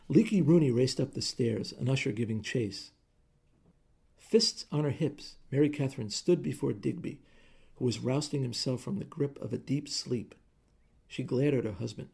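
A man reads a story aloud in measured, steady narration. His voice is gravelly and dark, with a husky edge. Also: medium pitch.

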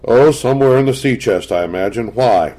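A man's voice: medium pitch, a little fast, dark tone, close to an everyday voice. A man voicing an easygoing husband with a dry, teasing manner, close to his own voice.

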